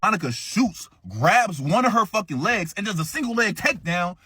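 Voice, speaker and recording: A man telling a story in a casual storytime, animated and profane, acting out what others said. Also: high-pitched, normal speed, breathy edge, no room sound, studio quality.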